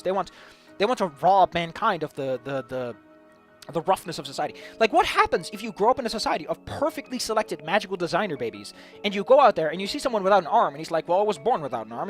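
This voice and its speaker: Young guy ranting about a game idea, talks super fast, keeps restarting, swears a lot, faint music behind. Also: high-pitched, fairly bright tone. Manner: rambling with frequent restarts and swearing. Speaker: tabletop campaign commentator. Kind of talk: unscripted solo rant.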